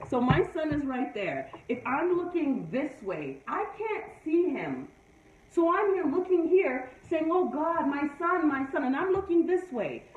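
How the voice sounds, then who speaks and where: A woman's voice: sits high, wildly swooping pitch, measured pace. A woman giving a motivational talk to her live viewers, preachy and emphatic, repeating her points. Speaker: live-stream host. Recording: echoey room, far from mic, dull sound.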